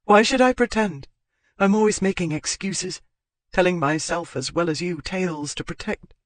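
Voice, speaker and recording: A man's voice: high-pitched, normal speed, no room sound, pitched above the performer's own voice, lightly acted. A man voicing a spirited, impulsive young country woman in an audiobook, raising his voice into her earnest, wavering pleas. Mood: pleading. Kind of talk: audiobook character voice.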